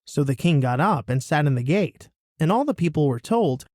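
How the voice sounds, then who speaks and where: A man reading a Bible passage aloud in a steady, expressive way. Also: fairly high pitch, moderate pace, dry recording, studio quality. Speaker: scripture reader.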